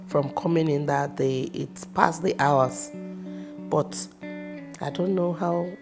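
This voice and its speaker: A Nigerian actress telling personal stories in a casual, expressive way, with sudden loud bursts. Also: female voice, sits low, vocal fry. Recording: music playing behind the voice.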